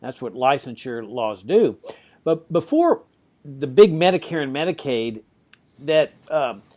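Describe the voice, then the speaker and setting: A man from Texas, hosting a podcast discussion, animated and sometimes sarcastic, swinging his pitch up for emphasis. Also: a little slow. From Laredo, Texas. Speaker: host.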